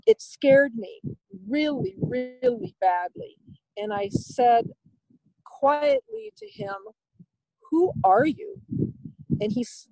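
A woman with a high voice recounts a personal story as an interview guest. She rambles and hesitates, restarting her sentences and poking fun at herself. The recording is close and dry. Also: a little mellow, dry recording, low-quality recording. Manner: candid, self-deprecating.

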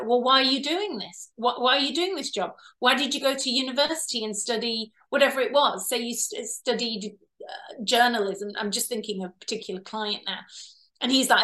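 Woman explaining her healing work, bright sharp voice, pitched a bit high, acts out the people she quotes. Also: normal speed. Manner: animated, acts out quoted parents and children. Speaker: past life regressionist and healer. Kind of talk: interview answer, explaining.

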